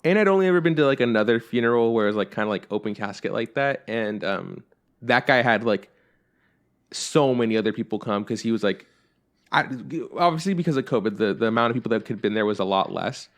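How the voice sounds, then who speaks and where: A man's voice: fairly low pitch, expressive, fast talker. A young man co-hosting a podcast, chatting casually in a rambling way with plenty of fillers. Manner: rambling, heavy on fillers like "like" and "you know". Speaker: podcast co-host. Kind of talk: casual chat.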